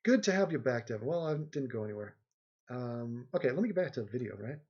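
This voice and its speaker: Male streamer, husky voice, rambling jokey delivery, muffled lo-fi audio. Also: medium pitch, animated, quick pace. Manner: rambling, joking, reads viewer comments aloud. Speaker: livestream host. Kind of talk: casual livestream chat.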